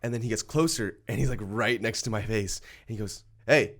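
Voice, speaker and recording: A young man talking as a podcast guest, telling a story in a casual, animated way and laughing often. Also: lowish voice, a little fast.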